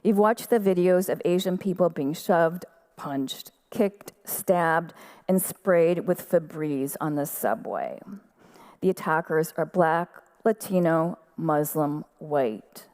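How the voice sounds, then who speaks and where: A woman giving a measured, quiet literary reading of her own fiction at an outdoor festival stage. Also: low voice.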